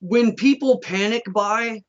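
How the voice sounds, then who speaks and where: A man's voice: high voice, slow pace, muffled recording. An American man making his case emphatically as a guest on a video call. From United States. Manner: emphatic, argumentative. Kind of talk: casual chat.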